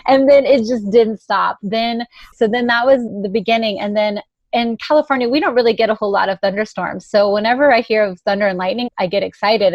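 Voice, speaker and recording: A woman's voice: medium pitch, dry recording, lo-fi sound. A woman guest telling a personal story in a casual, chatty way, often acting out what people said. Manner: chatty anecdotal narration, acting out quoted dialogue. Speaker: podcast guest.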